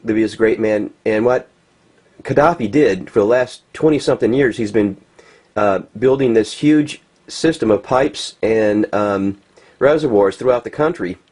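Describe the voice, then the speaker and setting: A man's voice: lowish voice, normal speed, darkish tone. A man from the United States ranting in unscripted commentary, agitated, with many restarts and fillers. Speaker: vlogger. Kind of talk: unscripted commentary over pictures.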